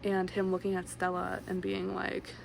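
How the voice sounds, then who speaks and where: A woman's voice: mid-range voice, completely flat delivery, normal speed, gravelly. A young woman casually summarizing a book at home, rambling with lots of fillers and side comments. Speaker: book vlogger. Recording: noisy room with a fan running.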